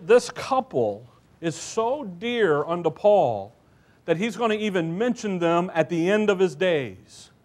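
A man preaching a church sermon in a folksy storytelling way, with asides to the listeners. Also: sits high.

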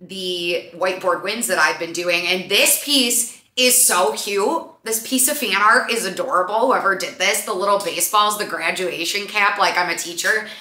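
A young woman hosting a podcast, telling a story in a chatty, animated way full of fillers. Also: mid-range voice, moderate pace, hardly any pauses. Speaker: podcast host. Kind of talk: casual storytelling chat. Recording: echoey room.

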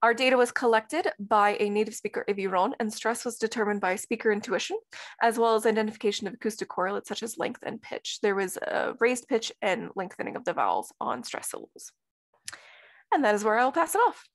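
A woman giving an academic linguistics talk over a video call, explaining clearly. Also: a little high, lively intonation, fairly quick, no room sound. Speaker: linguistics presenter.

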